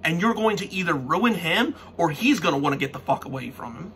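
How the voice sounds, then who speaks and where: A man's voice: fairly high pitch, animated, a little fast, fairly bright tone, a little hiss or hum. Fired-up man ranting about football. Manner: frustrated, swearing, restarts sentences. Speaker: sports fan vlogger. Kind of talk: profane sports rant.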